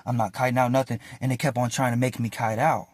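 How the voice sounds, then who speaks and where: A man in casual storytime mode, recounting events with loose slang and plenty of cursing. His voice sits at an ordinary middle pitch. The sound is close and dry, with no room echo at all. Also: fast talker. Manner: animated, slangy and profane retelling.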